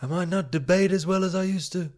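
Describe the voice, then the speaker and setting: A man's voice: high-pitched, darkish tone, pitched above the performer's own voice, natural voice. A man mocking a frail, folksy old president. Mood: earnest. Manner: mocking impression, drawn-out words. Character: frail elderly male American president, folksy.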